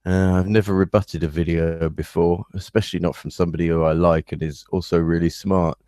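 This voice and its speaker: A man with an English accent in a casual podcast chat, speaking in a measured, hesitant way with frequent ums. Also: deep voice, level tone, dark tone, no room sound, clean studio sound. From England. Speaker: podcast host.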